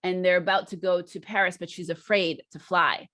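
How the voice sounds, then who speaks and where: A woman's voice: on the low side, fairly even intonation, moderate pace, fairly bright tone. A woman co-hosting an English lesson, chattily recounting film scenes step by step. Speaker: guest co-host, English teacher. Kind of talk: casual chat retelling a film plot.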